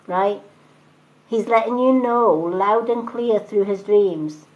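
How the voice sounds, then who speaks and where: A woman's voice: mid-range voice, takes it slowly, darkish tone, lo-fi sound. A woman giving a live spiritual reading, chatty and reassuring, often repeating phrases and asking "right?". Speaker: psychic reader.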